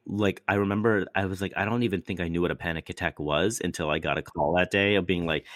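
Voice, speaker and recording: A middle-aged American man talks in a very low, deep voice, the sound dry and close. He tells stories animatedly and acts out the people he quotes. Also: fairly even intonation, fast, hardly any pauses, fairly bright tone, dry recording. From United States. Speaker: actor. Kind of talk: casual storytelling conversation.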